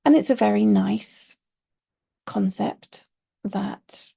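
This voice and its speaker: Gravelly, husky woman teaching Arabic. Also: medium pitch, slow pace, warm tone. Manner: patient, explanatory, stresses key words. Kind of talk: online course lesson.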